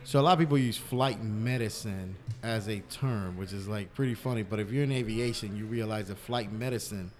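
A man's voice: fairly low pitch, brisk, hardly any pauses, noisy background. A man who works as a firefighter, chatting casually in a rambling way, often restarting and swearing when worked up. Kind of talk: casual podcast chat.

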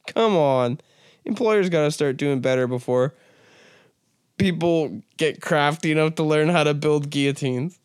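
A young man with a smooth, clear voice sitting a little high for a man, riffing through a comedy monologue. He rambles and curses, swinging into mock-serious asides. The sound is dry and close, with no room around it. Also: big pitch swings, moderate pace, no echo. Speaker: podcast host.

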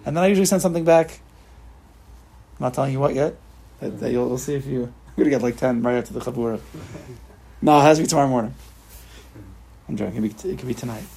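A man leading an informal religious study group, animated and repetitive, acting out examples for his listeners. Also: medium pitch, quick pace, vocal fry, long pauses, husky. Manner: animated, repeats himself, acts out examples. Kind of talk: informal religious class talk.

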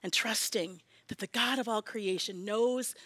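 A woman in her forties preaching a sermon as pastor, earnest and personal, often dropping to a soft prayerful hush. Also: mid-range voice, a little slow, slightly rough, dry recording. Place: church sanctuary.

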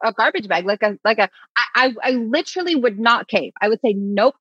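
A woman in her forties talks animatedly about raising her kids, laughing often as she goes. Her voice sits a little high. The sound is dry and close, though a touch dull. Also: expressive, fast, a bit bright, husky, no room sound. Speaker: guest. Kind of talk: casual conversation.

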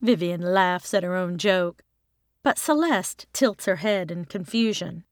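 A woman from Texas, an author reading her own short story aloud in an even, clear way. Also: lowish voice, measured pace, no room sound, clean studio sound. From Texas, United States. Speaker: author and narrator. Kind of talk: scripted storybook narration.

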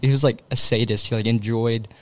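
A young man on a podcast, chatting casually, quick to chime in and chuckle, calling his friends bro and dude. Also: mid-range voice, fairly even intonation. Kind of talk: casual chat.

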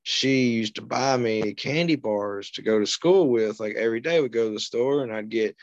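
A man's voice: mid-range voice, normal speed, no room sound, muffled recording. A man from Arkansas, a podcast guest telling stories in an easygoing way and chuckling between points. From Arkansas, USA. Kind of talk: casual storytelling chat.

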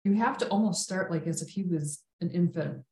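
A woman talking as a guest on a podcast, telling stories in an animated, blunt and casual way. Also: lowish voice, brisk. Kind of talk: conversational podcast interview. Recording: echoey room.

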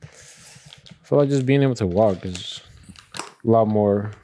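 Brief: young male co-host, low mellow voice, dry teasing delivery. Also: normal speed, slight background noise. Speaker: podcast co-host. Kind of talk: casual chat.

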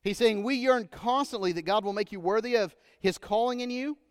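A man's voice: sits high, brisk, clean tone, dry recording, clean studio sound, in a large hall. A man with a Texan accent preaching a sermon as pastor, conversational with casual asides and repeated phrases, in a church sanctuary. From Texas.

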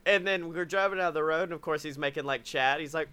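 A man's voice: a little high, fast, few pauses, sharp tone, smooth. A man from Alabama, hosting a comedy podcast, joking, laughing often and swearing freely. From Alabama, USA. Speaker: podcast host. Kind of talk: casual comedic chat.

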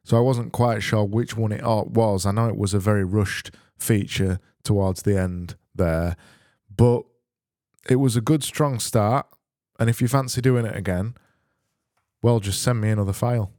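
British guy doing his podcast, lowish voice, deadpan mock-serious, dead dry close mic. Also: normal speed, dry recording. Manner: dry, mock-serious, self-mocking asides. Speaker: podcast host. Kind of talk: casual solo podcast, reading listener messages.

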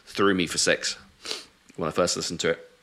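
A man co-hosting a music podcast, chatting casually and thinking aloud in a relaxed way. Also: low voice, moderate pace. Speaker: podcast co-host. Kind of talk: casual chat.

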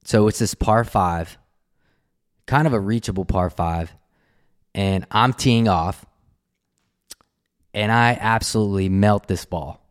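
A man hosting a podcast, telling a story in a casual, animated way and laughing often. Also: fairly low pitch, slow pace, pauses often, smooth. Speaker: podcast host.

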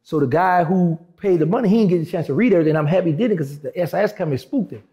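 A man's voice: high-pitched, racing. A man in a casual interview, telling a long story and acting out the dialogue of the people in it. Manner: animated, acts out quoted dialogue in shifting voices. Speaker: interview guest.

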